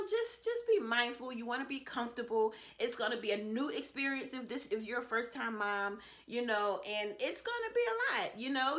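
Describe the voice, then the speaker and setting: A woman's voice: a little high, fairly bright tone. A woman in her thirties giving casual, reassuring advice to other mothers in a vlog, peppered with "you know" and promises. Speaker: vlogger, mother of seven.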